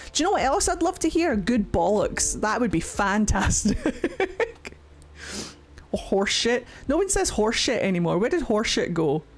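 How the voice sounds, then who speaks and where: A Scottish woman chatting casually on a livestream, talking freely and swearing often. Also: mid-range voice. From Scotland. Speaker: streamer.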